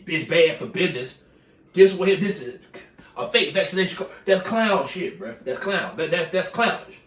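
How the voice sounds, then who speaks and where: A man's voice: a little high, fairly bright tone, echoey room, recorded from a distance. A man giving a casual, heated sports opinion rant, swearing freely and repeating himself for emphasis. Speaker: sports commentator.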